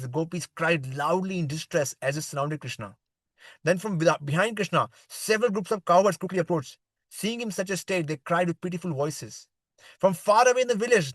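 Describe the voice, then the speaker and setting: A man leads a scripture class, reading a devotional story aloud and pausing to explain it in everyday words. His voice sits a little higher than most men's. The sound is dry and close. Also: dry recording, poor audio. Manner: reads passages aloud, then explains them plainly. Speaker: spiritual teacher.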